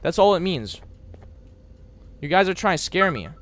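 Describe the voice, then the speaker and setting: A young man from America streaming a horror game live, shouting bursts of hype and muttering asides to chat. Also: sits high, big pitch swings, moderate pace, soft background music.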